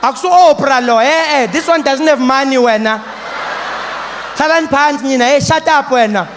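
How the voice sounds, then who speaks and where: A man playing a strict, fed-up woman schoolteacher who yells at her pupils. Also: very high voice, very fast, noisy background, pitched above the performer's own voice. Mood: scolding. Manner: scolding, yelling commands.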